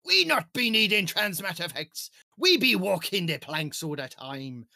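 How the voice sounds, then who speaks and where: A man's voice: sits high, big pitch swings, unhurried, gravelly, pushed and bright, dry recording, studio quality, heavily acted. A man putting on a hammy pirate captain voice, growling "arr" as he reads out a list. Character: gruff male pirate captain reading a store list. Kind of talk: goofy pirate voice bit.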